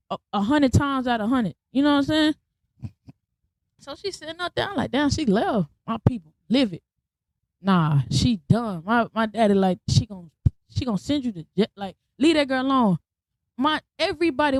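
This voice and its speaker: Woman podcast host, young adult, blunt slangy storyteller, higher voice, dry recording. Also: no room sound. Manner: blunt, slangy, animated retelling with quoted voices. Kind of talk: casual storytelling monologue.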